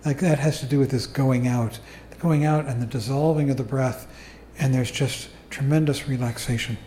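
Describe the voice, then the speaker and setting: A man giving a calm, unhurried dharma talk as a meditation teacher to a group. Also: mid-range voice, a little hiss or hum. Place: meditation hall. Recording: echoey room recording.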